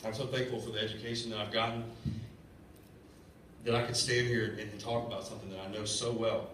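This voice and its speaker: A man's voice: lowish voice, flat delivery, brisk, fairly bright tone. Earnest man preaching in an echoey church. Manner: earnest and conversational, stammers and repeats words. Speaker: lay preacher. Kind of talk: sermon. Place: church sanctuary. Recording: echoey church room from far off, faint hiss. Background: congregation responding.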